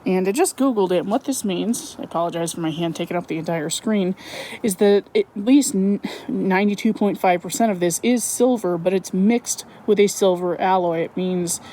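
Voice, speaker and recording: Chatty excitable woman vlogging outdoors. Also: medium pitch, normal speed, slight background noise, low-quality recording. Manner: chatty and excitable, self-correcting. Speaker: metal detecting vlogger. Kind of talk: casual outdoor vlog narration. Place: outdoors on a wooded property.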